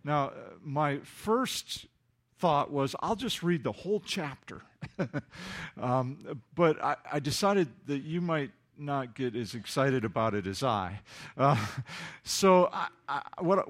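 A pastor preaching a sermon in a church sanctuary, talking loosely with frequent restarts and going soft and hushed in prayer. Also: male voice, fairly high pitch, lively intonation, takes it slowly. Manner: conversational, paraphrases with frequent restarts; soft, hushed voice when praying. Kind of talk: sermon with scripture reading and prayer.

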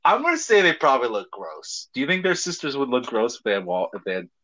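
A man's voice: mid-range voice, big pitch swings, fast talker, pushed and bright. A man co-hosting a casual chat, giggly and profane, slipping into jokey impressions. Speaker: podcast co-host. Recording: dull lo-fi sound.

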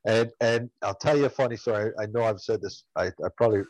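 A man co-hosting a casual lacrosse chat, telling stories with many halting restarts. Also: on the low side, darkish tone, no echo, poor audio. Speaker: lacrosse podcast co-host.

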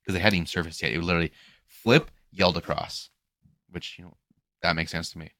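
A low-pitched man rattles through a story at a quick clip, casual and animated. He slips into mimicking the people he describes and swears freely. The sound is dry and close. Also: dry recording. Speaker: podcast host and pool lifeguard.

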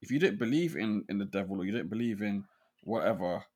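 Low-voiced man, casual podcast chat. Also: animated, fast talker, darkish tone, husky. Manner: stammering restarts, frequent "right?" tags. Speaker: podcast co-host.

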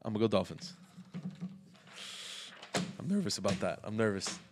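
A man's voice: lowish voice, sing-song, normal speed, heavy background noise. A man co-hosting a podcast in casual chat, playful and laughing easily. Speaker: podcast co-host.

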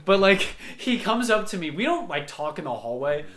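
A teenage boy co-hosting a casual podcast, telling stories with loud, animated acted-out quotes. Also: sits high, moderate pace, a little hiss or hum. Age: teens. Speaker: podcast co-host. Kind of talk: casual chat.

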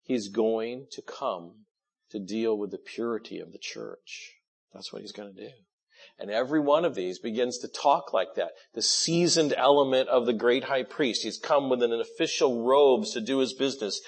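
A man's voice: medium pitch, normal speed, husky. A man preaching a sermon, speaking animatedly and pushing his voice up in bursts of emphasis. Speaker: pastor.

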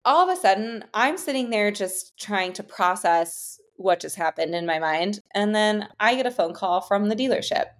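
A woman guest telling a personal story in a casual, animated, chatty way. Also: medium pitch, moderate pace, few pauses. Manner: animated, chatty, heavy use of "like" and "you know".

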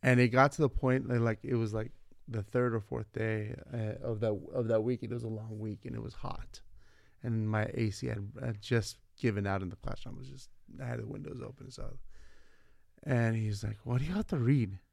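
Man, 40s, educator and ex-coach, middle pitch with a gravelly edge, animated storyteller, dry close recording. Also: moderate pace, no echo. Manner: animated, acts out quoted voices, says "man" and "like" often. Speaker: vice principal and former coach, podcast guest. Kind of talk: casual storytelling conversation.

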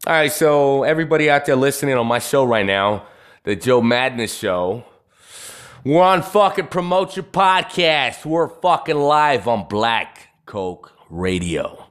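A man's voice: mid-range voice, animated, measured pace, a bit bright, clean tone. A man hosting a live podcast, telling stories in a swaggering, profane rant full of asides to his listeners. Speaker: podcast host.

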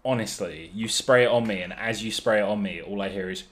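A man's voice: lowish voice, fairly quick. A young man, a guest on a casual podcast, joking and self-mocking as he talks.

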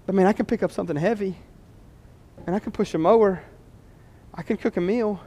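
A man with a notably high voice delivers a sermon to his congregation. He sounds earnest and conversational, stammering over his opening words as he pushes his points. His voice rings with the long echo of a church hall. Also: brisk, pauses often, warm tone. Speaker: pastor. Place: church sanctuary.

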